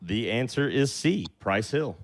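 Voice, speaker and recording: A man's voice: mid-range voice, expressive, a little slow. Man reading out quiz questions. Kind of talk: reading trivia questions aloud.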